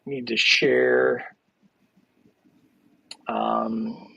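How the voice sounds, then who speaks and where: A man's voice: mid-range voice, little pitch movement, very slow, creaky, sharp tone, breathy edge, lo-fi sound. A man hosting a chaotic online game show, joking and rambling with lots of ums and uhs as he handles the scores. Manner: jokey, rambling with many fillers.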